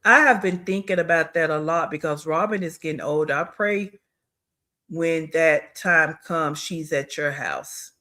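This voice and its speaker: A man's voice: fairly high pitch, measured pace, bright, forceful tone. A man hosting a reaction video, giving blunt, scornful commentary on a clip he is watching.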